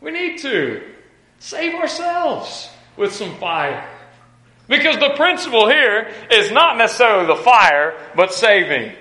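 An emphatic male preacher drives his sermon with repeated phrases and stammering restarts. His voice is bright and pitched high for a man, and it rings through a roomy, echoey space. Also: very animated, unhurried.

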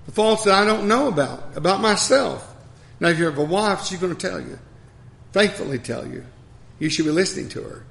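An older man preaching a sermon, reading scripture and telling folksy stories about his life and his late wife, in a gravelly voice. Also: high-pitched, a bit bright.

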